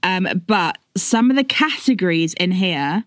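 A young woman chats and teases in a lively, up-and-down voice. The recording is close and dry, with no room sound. She reads out silly categories with a grin in her voice. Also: fairly low pitch, unhurried, no room sound. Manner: playful, reading out categories with giggles. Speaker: co-host. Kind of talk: casual chat.

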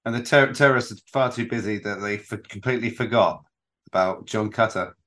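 A man's voice: on the low side, brisk, pushed and bright. A man co-hosting a casual film podcast, rambling and restarting his sentences, often laughing along. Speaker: podcast co-host.

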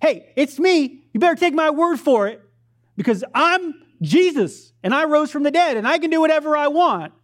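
A woman voicing a brash, mocking male figure who scolds loudly in an exaggerated, high-pitched way. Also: big pitch swings, a little slow, hardly any pauses, slightly rough, full character voice. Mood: scolding. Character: brash mocking preacher's Jesus, scolding man.

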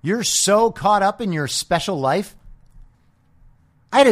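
A man's voice: sits high, animated, normal speed, pauses often. A man hosting a podcast, delivering a combative, sarcastic political monologue peppered with profanity. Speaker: podcast host.

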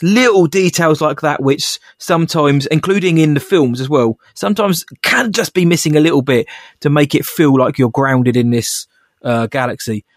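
A man co-hosting a casual podcast chat, talking in a rambling, animated way with many restarts. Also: fairly high pitch, normal speed, no room sound, studio quality. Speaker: podcast co-host.

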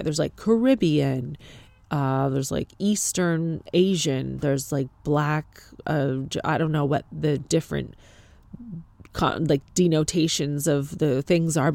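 A woman's voice: low voice, creaky, a little mellow, no room sound. A woman with a Canadian accent tells a story in a casual, exasperated and sarcastic way, swearing freely.

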